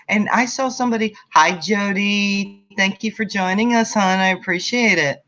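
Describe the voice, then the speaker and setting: A woman's voice: medium pitch, normal speed, hardly any pauses, sharp tone. A woman hosting a casual craft livestream, chatting with viewers in a rambling way with many ums and restarts. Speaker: craft channel host.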